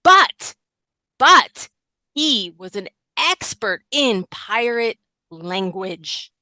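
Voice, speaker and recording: Slow, bright-voiced rambling woman. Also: a little high, dry recording. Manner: rambling, deadpan self-styled expert. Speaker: podcast guest. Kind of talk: improvised comedy podcast.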